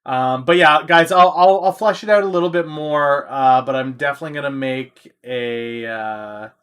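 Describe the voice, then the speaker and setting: Male live-stream host, casual, loose, talks to chat, average pitch. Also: normal speed, a bit bright, smooth. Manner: rambling, answers chat, restarts often. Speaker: stock market streamer.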